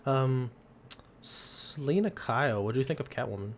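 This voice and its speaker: A man's voice: mid-range voice, moderate pace. A young man co-hosting a podcast, chatting casually, rambling with frequent laughs and the odd swear. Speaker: podcast co-host. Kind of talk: casual chat.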